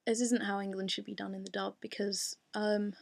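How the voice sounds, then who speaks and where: A woman's voice: mid-range voice, flat delivery, creaky, no room sound. A young woman answering fan questions in a casual voice meme, hesitant and full of ums. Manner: hesitant, with many pauses and ums.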